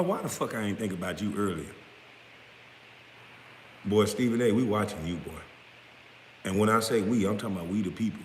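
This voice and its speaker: A man in his thirties ranting bluntly to camera, swinging from low mutters to loud outbursts. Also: a little hiss or hum. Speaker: vlogger. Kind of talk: profane rant to camera. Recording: echoey room with long reverb.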